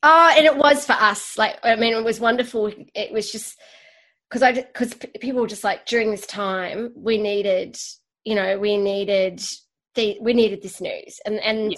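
An Australian woman hosting a podcast interview, chatty and animated, laughing often. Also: medium pitch, unhurried. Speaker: podcast host and awards organizer. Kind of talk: casual conversational interview.

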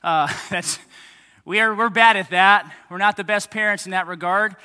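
A man in his thirties, a pastor giving a lively sermon to children and families, with chatty asides to kids and parents. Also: high voice, moderate pace, smooth. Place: church hall. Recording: echoey hall reverb.

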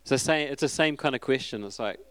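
A man preaching a sermon in a relaxed, conversational, storytelling way. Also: mid-range voice, brisk, clear, resonant tone, no room sound.

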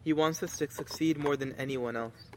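A man's voice: on the high side, moderate pace, long reverb tail, slight background noise. A man preaching a sermon with passion, reciting Arabic scripture and building to emphatic rhetorical questions.

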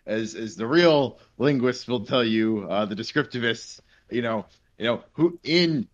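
A man's voice: medium pitch, lively intonation, measured pace, lo-fi sound. A young man from New Jersey co-hosting a casual podcast, rambling with lots of fillers. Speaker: podcast co-host. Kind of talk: casual chat.

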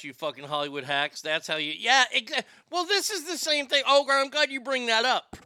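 A man's voice: sits high, pushed and bright, clear, resonant tone, no room sound, studio quality. A man hosting a live stream, chatting casually, ranting with profanity and reading viewer comments aloud.

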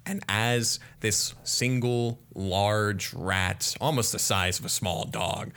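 Slow, clear-voiced game master. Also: male voice, on the low side, a bit bright. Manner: unhurried descriptive narration with casual fillers. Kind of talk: narrating a tabletop game.

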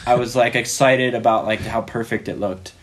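A man's voice: mid-range voice, fairly even intonation, normal speed. Rambling, laughing male podcast guest. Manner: rambling, filler-heavy, often laughing. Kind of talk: casual storytelling.

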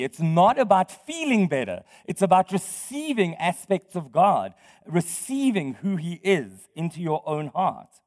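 A pastor preaching a sermon in a conversational way, quizzing the congregation and laughing often. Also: male voice, high-pitched. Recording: long hall reverb.

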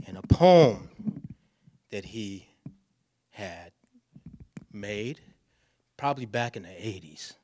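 A male poet talking loosely to a live audience before reading, with plenty of "uh" and restarts. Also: lowish voice. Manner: relaxed and loose, stumbling with "uh". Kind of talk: casual talk before a poetry reading.

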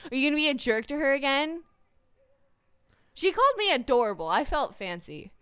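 A woman's voice: high-pitched, very animated, fairly quick, fairly bright tone, no echo. A young woman co-hosting a podcast, playful and teasing, often laughing while she talks. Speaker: podcast co-host. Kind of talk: casual chat.

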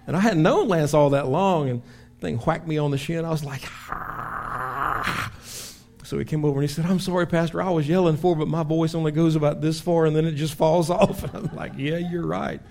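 A man preaching a sermon as pastor in a church, telling stories with lively acted-out shouts. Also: on the high side, fast, creaky, slight background noise. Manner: animated storytelling with acted-out shouts. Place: church sanctuary.

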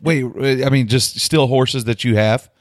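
A man's voice: mid-range voice, fairly even intonation, measured pace, no echo, clean studio sound. A middle-aged man hosting a podcast, talking casually and chattily, often repeating words as he starts his sentences. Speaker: podcast host. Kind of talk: casual interview chat.

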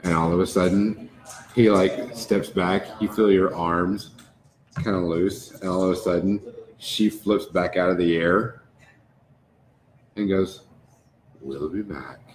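A man narrating a tabletop game as game master, in a slow, descriptive, dramatic manner. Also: sits low, steady tone, echoey room, slight background noise, low-quality recording.

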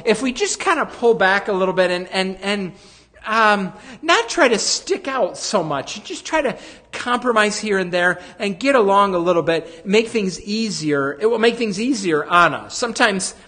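A man preaching a sermon as pastor, stressing single words and slowing down for emphasis. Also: sits high, fairly bright tone. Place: church.

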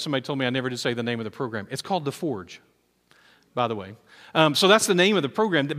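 A man preaching with a somewhat high voice, his words ringing out in a long hall reverb. He tells stories with animated energy and acts out the quotes. It sounds like a church sanctuary. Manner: animated storytelling, acting out quotes. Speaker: pastor. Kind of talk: sermon.

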